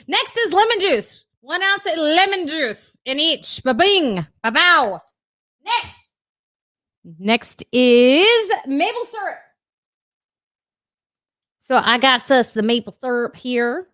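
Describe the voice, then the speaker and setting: A woman's voice: high-pitched, big pitch swings, slow, a bit bright, no echo. A young woman, co-hosting a casual chat while mixing a cocktail, bawdy and giggly and swearing freely. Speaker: co-host.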